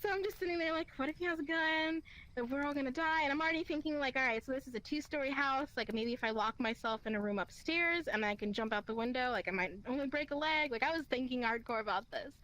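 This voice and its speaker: High-voiced young woman telling a story. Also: fast, low-quality recording. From Kentucky, USA. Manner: animated, acts out quoted lines, laughs often, swears. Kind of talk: casual storytelling.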